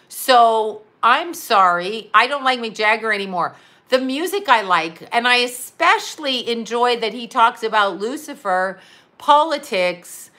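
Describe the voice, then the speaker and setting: A middle-aged woman ranting on a livestream, rambling, profane and animated as she talks straight to her viewers. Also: a little high. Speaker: psychic medium and astrologer. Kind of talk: livestream rant.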